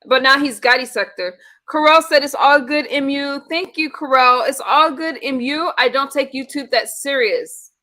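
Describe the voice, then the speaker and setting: A woman's voice: sits high, normal speed, sharp tone. A woman hosting a casual live-stream chat with callers, playful and eager to keep the peace, speaking. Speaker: host.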